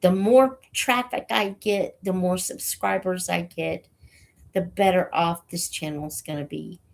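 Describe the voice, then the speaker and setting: A woman hosting her channel, chatting casually with viewers while she has a cold and is short of breath, speaking haltingly with many fillers. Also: fairly low pitch, fairly even intonation, creaky. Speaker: channel host reading books aloud for students.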